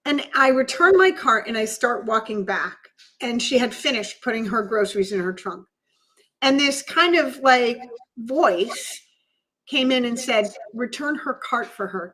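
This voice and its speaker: Woman on a podcast, heartfelt storytelling, kinda high voice. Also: a bit bright, rough recording. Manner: earnest, emotional storytelling. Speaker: podcast co-host. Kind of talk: storytelling in casual chat.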